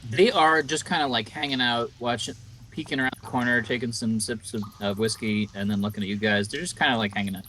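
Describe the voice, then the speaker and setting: A man's voice: medium pitch, fast. Chill guy running a tabletop game, casual narration. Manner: relaxed, casual narration with fillers. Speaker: game master.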